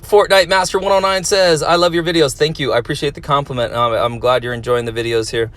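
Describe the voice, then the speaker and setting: A man's voice: a little high, steady tone, fast, a bit bright. A man who teaches, reading viewer comments aloud and answering them in a friendly, encouraging way for young fans. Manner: friendly, encouraging, talks to kids.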